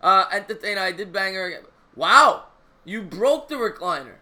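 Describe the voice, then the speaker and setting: Sports stream host, man, bright and a bit high, energetic and joking. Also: unhurried, long pauses. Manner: energetic, joking, talks to chat. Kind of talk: live-stream sports talk.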